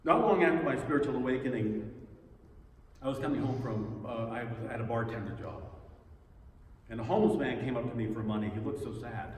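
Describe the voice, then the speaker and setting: A man giving a personal testimony talk at a spiritual center, telling stories with pauses and repeated words. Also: medium pitch. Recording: echoey hall, distant mic.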